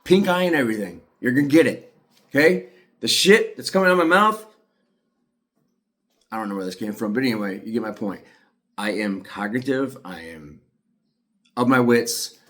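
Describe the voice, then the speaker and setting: A man's voice: mid-range voice, expressive, normal speed, pauses often, a bit bright. A middle-aged man giving an agitated, profane monologue to the camera as an aggrieved father. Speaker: aggrieved father telling his story.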